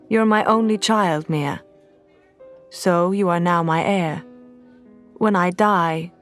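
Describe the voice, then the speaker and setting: A woman reading an audiobook voices a serious middle-aged father who is a prince, speaking in a measured, grave way. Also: lowish voice, lightly acted.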